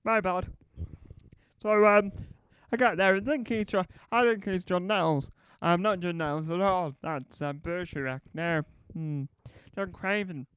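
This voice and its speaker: A man's voice: sits high, measured pace, a bit bright, clear, resonant tone, no echo. A man doing stand-up comedy, telling a meandering anecdote that keeps correcting itself and acting out both sides of conversations.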